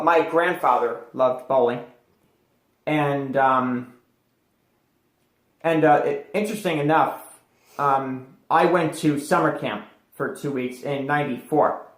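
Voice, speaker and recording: A man's voice: a little high, slow, pauses often. Chatty man in an echoey room. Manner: rambling with many fillers and restarts. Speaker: guest. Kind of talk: casual storytelling interview.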